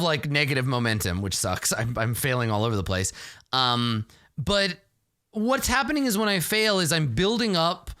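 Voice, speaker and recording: A man's voice: on the high side, clear, resonant tone, no room sound, clean studio sound. A man thinking aloud and poking fun at his own bad rolls while he plays a solo tabletop game. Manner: animated, self-deprecating, thinks aloud.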